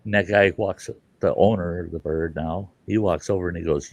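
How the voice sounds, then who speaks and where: A middle-aged man hosting, telling a joke in a folksy, animated, casual way. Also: deep voice, normal speed, creaky, hardly any pauses, slightly rough, no echo. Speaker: storyteller host.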